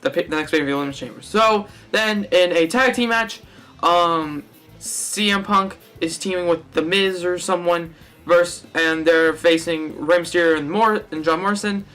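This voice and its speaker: Young guy with a high bright voice, rambly and jokey, fixes himself mid-sentence, faint music behind. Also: steady tone, unhurried, clear, resonant tone. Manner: rambling, self-correcting and jokey. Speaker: wrestling fan vlogger. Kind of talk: casual fantasy-booking monologue.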